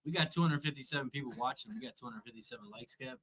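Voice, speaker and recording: A man on a live sports betting stream, speaking in a measured way with some hedging fillers. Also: mid-range voice, a bit bright, breathy edge, rough recording.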